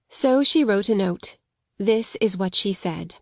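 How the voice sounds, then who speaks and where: A woman narrating a classic children's audiobook in a measured, gentle reading. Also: mid-range voice, expressive, no echo, clean studio sound. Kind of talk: scripted storybook narration.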